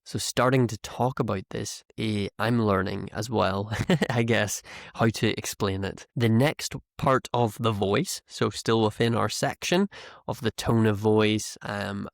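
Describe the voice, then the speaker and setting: A man teaching an English lesson, explaining slowly and patiently, trying out example phrases and correcting himself as he goes. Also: on the low side, vocal fry, no echo, studio quality. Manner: slow, explanatory, self-correcting, demonstrates tones.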